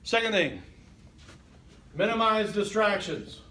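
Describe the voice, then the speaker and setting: A man's voice: high-pitched, animated, slow, bright, forceful tone, a little hiss or hum. A man teaching a college class in a casual, conversational lecture, often checking in with "okay?" and acting out what listeners might be thinking. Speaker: college instructor.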